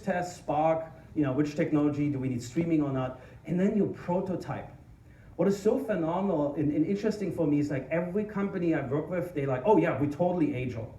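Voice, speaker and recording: A man with a German accent giving an energetic, informal tech conference talk, joking about himself and restarting sentences often. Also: on the high side, distant mic, a little hiss or hum. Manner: energetic, informal, self-deprecating, many restarts. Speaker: conference speaker. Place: conference hall. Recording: echoey hall, mic from afar.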